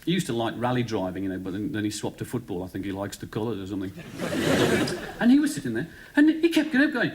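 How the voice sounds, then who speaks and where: A man's voice: on the low side, big pitch swings, fast. A man with a Birmingham accent telling a story on stage as a stand-up comedian, rambling and chatty with lots of "you know". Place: TV studio before a live audience. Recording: 1970s TV studio recording, loud audience laughter.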